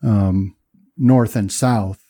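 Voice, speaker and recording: A man narrating as game master, describing scenes with many pauses and fillers. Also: fairly low pitch, fairly even intonation, mellow, no echo, studio quality.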